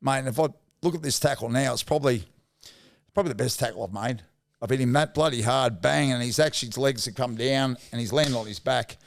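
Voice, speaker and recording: A man in his fifties with a broad Australian accent tells stories from his playing days, blunt and full of slang and the odd swear. His voice is gravelly, with a rough fry in it. He talks at a middling pitch in a relaxed, chatty interview. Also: fast. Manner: blunt, laddish yarn-telling with slang and swearing. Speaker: guest, former rugby league player. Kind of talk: casual storytelling interview.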